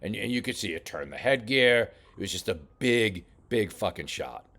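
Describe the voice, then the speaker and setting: A man coaching a boxer while reviewing fight footage, talking casually with many halting restarts. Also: on the low side, expressive, creaky, a bit bright. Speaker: boxing coach. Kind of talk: film study commentary.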